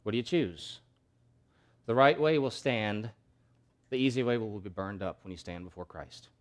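A male pastor preaching a sermon, emphatic, asking rhetorical questions and swinging between loud and soft. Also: on the low side, normal speed.

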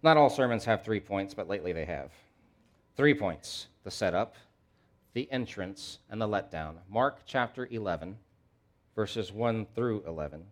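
Man preaching a sermon, dynamic delivery. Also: lively intonation. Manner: preaching with wide swings between soft low asides and loud emphatic questions; reads scripture aloud at a brisk pace. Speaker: pastor.

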